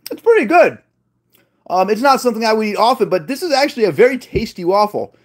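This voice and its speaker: A man vlogging a casual taste test, excitable and playful with exclamations. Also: sits high, fast talker. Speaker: food vlogger.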